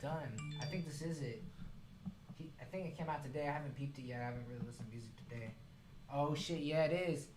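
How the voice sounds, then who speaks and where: Man, casual stream co-host, chatty and relaxed, fairly high voice, faint music behind. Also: fast talker. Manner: laid-back, chatty, curious. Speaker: co-host reviewing beats. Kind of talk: casual livestream chat. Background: music playing.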